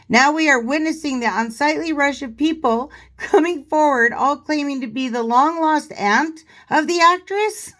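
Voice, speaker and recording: A woman's voice: on the high side, fairly bright tone. A woman vlogger in casual commentary, giggly and laughing often as she reads and reacts. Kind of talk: casual commentary reading a parody.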